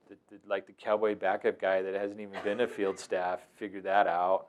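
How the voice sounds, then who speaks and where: A man's voice: fairly low pitch, fairly even intonation, moderate pace, lo-fi sound. A man hosting a talk, telling stories casually and wryly. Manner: casual, wry, playfully acts out quoted voices. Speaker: host. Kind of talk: anecdotal storytelling talk.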